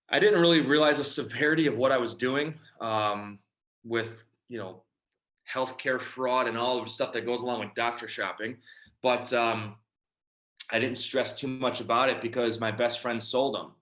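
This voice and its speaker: In a pushed, bright, medium-pitched voice, a Michigan man shares his recovery testimony. He tells it as a story, performing the lines people said along the way.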